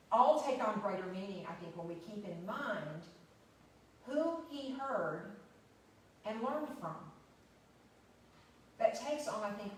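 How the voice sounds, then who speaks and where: A woman's voice: medium pitch, slight background noise. A woman giving an unscripted church history talk, stressing key words, with fillers and restarts. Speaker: lecturer. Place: church hall. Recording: very echoey, distant room recording.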